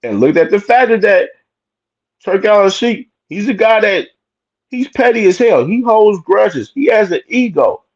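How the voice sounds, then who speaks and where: A high-voiced young man gives casual, opinionated commentary on his own show. He talks emphatically and repeats himself, full of slang and cursing. The sound is muffled and lo-fi. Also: lively intonation, measured pace. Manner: emphatic, repetitive, swears freely, slangy. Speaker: boxing commentary host.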